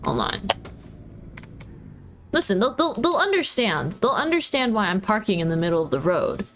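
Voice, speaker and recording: This woman streamer keeps up giggly, teasing banter with her chat as she drives in a game, all in casual stream talk. A medium-pitched, fairly bright, sing-song voice moves at normal speed, and a little background noise can be heard.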